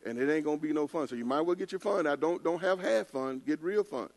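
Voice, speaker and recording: A man's voice: a little high, fast, hardly any pauses, darkish tone. An older man preaching a casual sermon, telling stories in a loose colloquial way with laughing asides. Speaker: pastor. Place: church.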